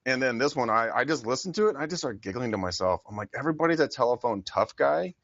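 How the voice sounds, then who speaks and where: A brash man co-hosting a casual podcast, swearing freely and laughing often. His pitch swings widely as he talks. The sound is close and dry, slightly dull. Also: lively intonation, fast talker, fairly bright tone, dry recording. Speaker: podcast co-host.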